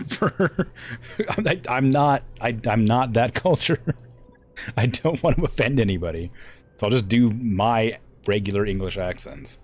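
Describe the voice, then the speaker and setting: A man's voice: mid-range voice, a little slow. A man streaming a video game, chatting casually and rambling with lots of fillers.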